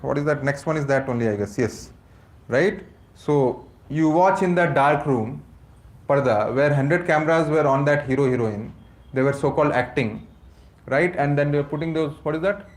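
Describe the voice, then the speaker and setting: A man with an Indian accent giving a lively lecture to a class, asking rhetorical questions and mixing English with Hindi. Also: fairly high pitch. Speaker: course teacher at a temple.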